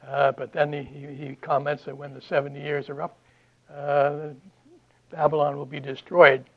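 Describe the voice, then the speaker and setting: Halting man lecturing, dull lo-fi recording. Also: fairly high pitch, little pitch movement. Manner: halting, many fillers and restarts. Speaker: Bible lecturer. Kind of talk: classroom lecture.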